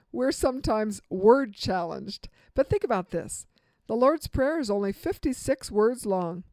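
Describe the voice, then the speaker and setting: A woman's voice: fairly high pitch, a little mellow, no echo. A woman giving an instructional talk on communication, quizzing the listener with multiple-choice examples and a light touch of humor.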